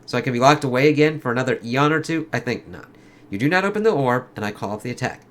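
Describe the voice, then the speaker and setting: A man's voice: mid-range voice, expressive, fast talker, a bit bright, pitched above the performer's own voice, close to an everyday voice. A man voicing a grandiose, mocking male villain from a comic, read with lofty theatrical phrasing.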